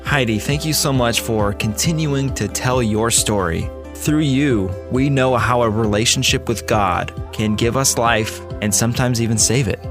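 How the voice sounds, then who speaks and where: A man's voice: mid-range voice, moderate pace. Man host over background music. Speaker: podcast host. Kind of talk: scripted segue.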